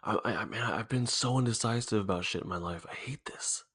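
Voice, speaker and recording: A man thinks out loud on his solo podcast, rambling and halting and swearing often. His voice is lowish and slightly rough, recorded in an indoor room.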